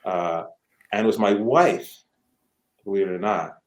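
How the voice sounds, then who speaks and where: Animated storyteller man, lowish voice, echoey room. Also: unhurried. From Canada. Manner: animated, acts out quoted voices. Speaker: guest musician. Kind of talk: conversational storytelling.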